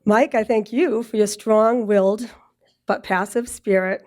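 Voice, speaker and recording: A woman with a Boston accent from Massachusetts giving a prepared speech at a graduation ceremony, a little nervous, clearing her throat now and then and dropping in joking asides. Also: medium pitch, steady tone, a little slow, a little mellow. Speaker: graduate speaker. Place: ceremony with live audience.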